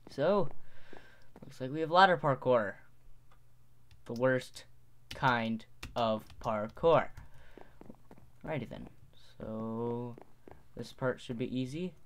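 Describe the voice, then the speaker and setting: A man's voice: medium pitch, slow pace, long pauses. A teenage boy giving gameplay commentary, rambling, muttering to himself and correcting his words. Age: teens. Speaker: gaming video host.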